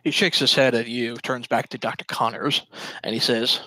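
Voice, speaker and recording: A man runs a tabletop game, narrating calmly and descriptively. His voice is bright, and the recording is close and dry. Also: mid-range voice, normal speed, few pauses, no room sound, poor audio. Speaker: game master.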